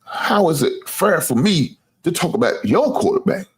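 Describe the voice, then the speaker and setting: A husky, fairly high male voice swoops wildly in pitch at a moderate pace. He's a sports show host casually ranting to viewers with trash talk, bragging and teasing, swearing freely and laughing at his own jokes.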